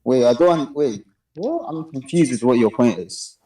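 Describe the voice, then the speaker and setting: A man's voice: medium pitch, animated, normal speed, warm tone. A man calling into a live debate who talks casually and hesitantly, often asking for the point to be repeated. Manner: hesitant, asks for repeats and clarification. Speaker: caller.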